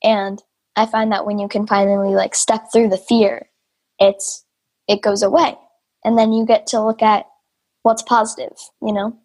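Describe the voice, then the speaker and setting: A woman interviewing a father and son, asking gentle, encouraging questions in a casual chat. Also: mid-range voice, little pitch movement, moderate pace, slightly rough.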